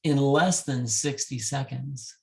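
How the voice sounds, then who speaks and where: A man working as a wedding DJ, speaking directly to couples and telling a love story in an animated way. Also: medium pitch, slow pace, gravelly.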